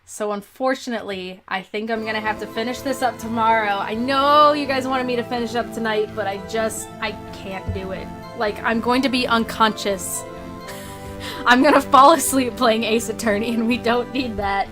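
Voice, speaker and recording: A woman's voice: a little high, normal speed. Tired, apologetic woman streamer. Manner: tired, apologetic, swearing freely. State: exhausted. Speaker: game streamer. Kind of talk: casual livestream chat. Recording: music playing behind.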